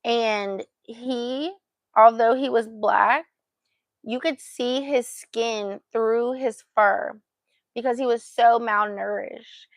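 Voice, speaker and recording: A woman's voice: on the high side, steady tone, slow, no echo. A woman vlogger telling a story in a casual, chatty way and acting out what she said at the time. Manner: chatty, acts out her own past remarks.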